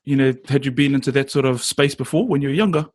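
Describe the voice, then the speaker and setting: Man, interviewer, husky voice, dry close sound, relaxed and enthusiastic. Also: mid-range voice, fast, dry recording. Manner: relaxed and enthusiastic, many fillers like "you know". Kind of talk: casual interview chat.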